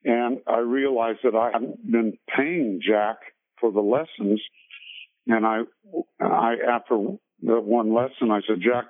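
An older singer being interviewed, telling a long story with many fillers and restarts. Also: male voice, mid-range voice. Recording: tinny phone-line radio call.

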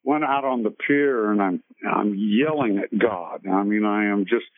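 An older singer being interviewed, telling a long story with many fillers and restarts. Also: male voice, fairly low pitch, a little slow. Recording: tinny phone-line radio call.

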